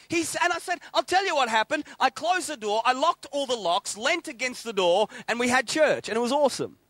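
High bright-voiced preacher. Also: male voice, a little fast, few pauses, no room sound. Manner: lively anecdotal, acts out quoted dialogue. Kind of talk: sermon storytelling.

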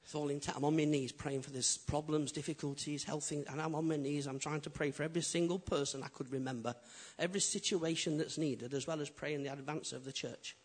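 Husky-voiced pastor preaching. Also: male voice, fairly high pitch, fairly quick, few pauses. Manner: animated preaching, rising loud then dropping quiet. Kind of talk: sermon.

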